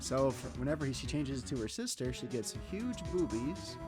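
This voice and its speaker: A man's voice: medium pitch, big pitch swings, moderate pace. Joking male game streamer. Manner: joking, crude asides. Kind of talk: casual let's-play commentary. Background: video game music.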